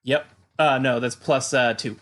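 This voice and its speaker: A man's voice: medium pitch, steady tone, a little slow, fairly bright tone. A man running a tabletop role-playing game, narrating casually and explaining the rules. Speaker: game master.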